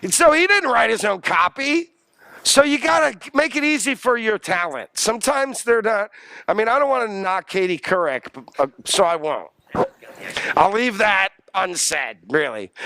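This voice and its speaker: A man's voice: extremely high pitch, a little slow, dry recording. A man lecturing a college class, joking and quizzing his students. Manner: animated, jokey, asks the class questions.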